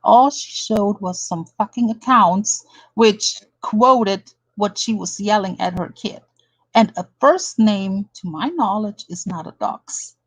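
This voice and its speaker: Woman, from Germany, slow and deliberate, indignant, blunt commentary vlogger. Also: medium pitch, low-quality recording. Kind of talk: ranting drama commentary; reading an article aloud.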